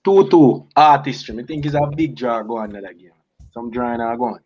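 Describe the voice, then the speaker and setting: A man's voice: mid-range voice, moderate pace, darkish tone, husky, dull audio. A man, a clothing brand owner, chatting laid-back about football and his shop. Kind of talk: casual chat.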